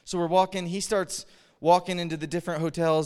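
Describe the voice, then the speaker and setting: Male pastor, storytelling sermon, clear voice, long hall reverb. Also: high-pitched, fairly quick. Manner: animated, chuckling storyteller. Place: church hall.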